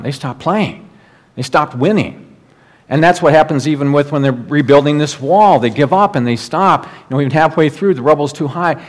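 A middle-aged male pastor preaching a sermon in an earnest, exhorting way, slowing down and dropping his voice when quoting prayers and scripture. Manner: earnest preaching, drops low and slow for quoted prayers and scripture.

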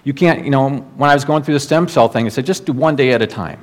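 A middle-aged man delivers a sermon as the pastor, his voice sitting at an ordinary mid pitch. He talks in an earnest, exhorting way, pressing his points with repetition. When he quotes a prayer or a line of scripture, he slows down and lets his voice sink lower. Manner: earnest preaching, drops low and slow for quoted prayers and scripture.

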